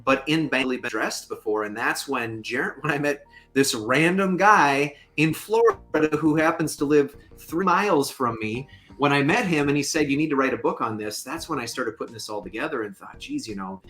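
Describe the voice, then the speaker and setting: A man's voice: on the high side, moderate pace, hardly any pauses, fairly bright tone, faint music behind. A man as a podcast guest, a fair lending consultant, explaining in an emphatic way with joking asides. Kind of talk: podcast interview.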